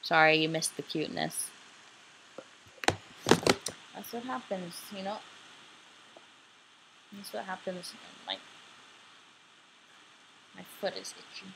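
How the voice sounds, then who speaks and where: A woman's voice: fairly low pitch, takes it slowly, creaky, pauses often, background noise. A young woman in her twenties reading a homemade audiobook into her laptop in her bedroom late at night, sleepy and casual, breaking off now and then to apologize. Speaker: audiobook reader. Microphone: laptop microphone.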